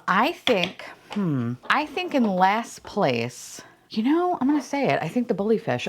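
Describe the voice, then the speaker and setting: A chatty woman unboxing toys, her voice swinging widely up and down as she gushes over each one. She swears freely and often drops into soft whispers when something delights her. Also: fairly low pitch, creaky. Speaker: unboxing vlogger. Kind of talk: casual unboxing chat.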